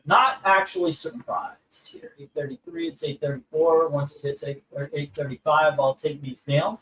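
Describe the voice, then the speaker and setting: A man with a slightly higher voice hosts a live comic book auction stream in loose, casual chat. He rambles, fills his talk with "uh" and "um," and jokes at his own expense. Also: expressive, normal speed, fairly bright tone, recorded from a distance, a little hiss or hum, low-quality recording. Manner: rambling, full of filler words, self-mocking.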